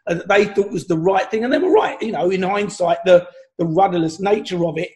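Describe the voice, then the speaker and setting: A man on a panel telling rambling, animated stories, restarting words and swearing freely. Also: high voice, a little fast. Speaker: actor on a panel. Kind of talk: rambling anecdotal storytelling.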